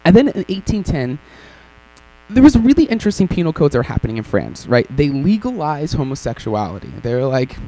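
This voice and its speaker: A man's voice: fairly high pitch, sing-song, a little fast, mellow, rough recording. A man presenting a workshop session in a casual, irreverent way, with joking asides and frequent ums. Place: conference session room.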